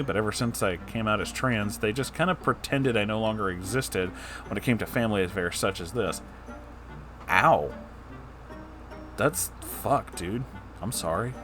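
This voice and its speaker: Dude reading a story out loud, cutting in w sarcastic swear-y comments, mid pitch. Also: male voice. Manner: casual, sarcastic asides, swears. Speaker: story narrator.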